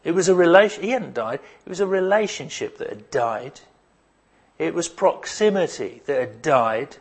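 A man's voice: fairly high pitch, animated, moderate pace, husky. A man preaching a sermon, putting emphatic rhetorical questions to his congregation. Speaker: pastor.

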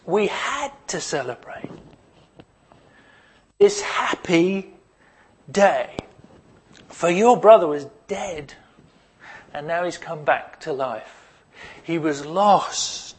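A man voicing a loving father who gently pleads with his older son, with tender, earnest reassurance. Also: on the high side, husky, full character voice.

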